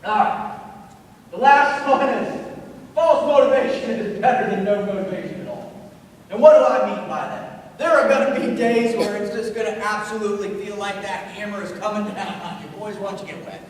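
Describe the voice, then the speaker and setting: Brief: energetic man exhorting a student crowd, voice strained very high, echoey hall recorded from far off. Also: moderate pace. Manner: fired-up, pumped, exhorting. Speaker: motivational speaker. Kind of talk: motivational speech to a school audience. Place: large indoor hall with audience.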